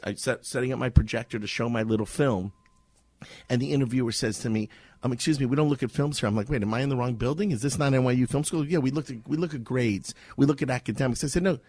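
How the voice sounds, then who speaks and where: In an office where people have gathered, a radio interview guest from Miami, USA, animatedly recounts a story, doing the voices of its characters. He has a mid-range voice, and the audio has no echo.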